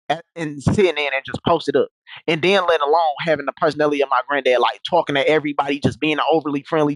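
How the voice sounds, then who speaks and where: A man's voice: fairly high pitch, dry recording, poor audio. Rambling young man telling a story. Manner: rambling, repeats himself, slangy. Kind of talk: casual storytelling.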